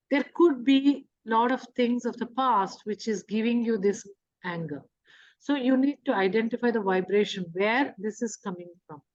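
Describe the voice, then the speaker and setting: Woman, spiritual teacher, higher voice, explanatory talk with rhetorical questions, dull lo-fi audio. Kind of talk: teaching talk on emotions and manifestation. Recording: dull lo-fi recording.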